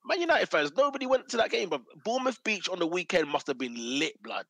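A young man with a bright, high, lively voice, mocking rival clubs in quick slang. The sound is dry and close, with no room around it. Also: dry recording. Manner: teasing, laughs a lot, uses London slang. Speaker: podcast co-host. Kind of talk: casual football banter.

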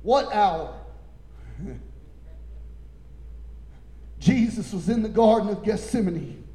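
A man preaching an impassioned sermon, reading scripture slowly and building to shouts. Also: sits high, animated, reverberant.

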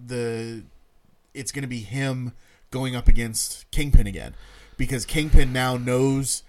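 A man of middle pitch chatting casually on a podcast. He often stalls and repeats words before finishing a thought. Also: a little mellow. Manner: halting, repeats words while thinking. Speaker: podcast co-host. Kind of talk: casual chat.

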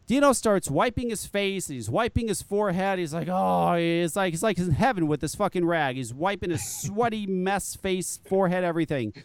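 A man hosting a podcast, telling a story in casual chat, animated and profane, laughing often. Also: high voice, clean tone, dry recording. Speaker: podcast host.

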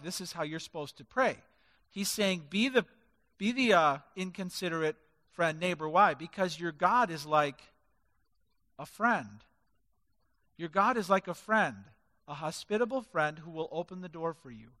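A man's voice: sits high, bright, forceful tone. A male pastor preaching a sermon, emphatic and driving his points home with stacked lists of words. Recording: reverberant hall.

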